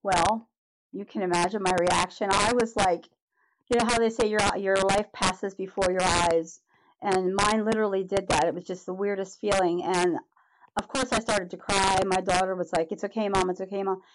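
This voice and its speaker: This is a middle-aged woman, a podcast guest, recounting her own story. Her voice sits at a medium pitch, and her telling is candid and earnest, with frequent small restarts. A faint background hiss runs under the recording. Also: steady tone, moderate pace, poor audio. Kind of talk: personal storytelling in a podcast interview.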